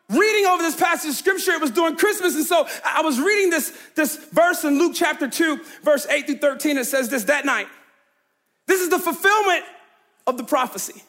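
A man's voice: very high-pitched, bright, forceful tone. A man preaching a sermon as pastor, emphatic and conversational, calling out to the congregation and laughing easily.

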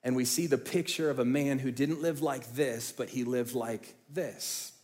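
A man preaching a sermon on stage, swinging from hushed, low phrases to loud, lifted ones. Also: steady tone, a little slow. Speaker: pastor.

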